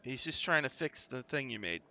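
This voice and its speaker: Halfling barkeep, a man doing the voice: polite, matter-of-fact, gravelly. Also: mid-range voice, sing-song, moderate pace, pushed and bright, exaggerated voice. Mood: explaining. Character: polite male halfling bartender.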